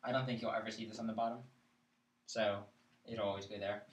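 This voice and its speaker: A man's voice: fairly low pitch, fairly even intonation, fast talker. A man teaching a chant class, explaining patiently and checking in with his students. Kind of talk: live classroom lesson. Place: classroom, live-streamed. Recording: echoey room, mic far off.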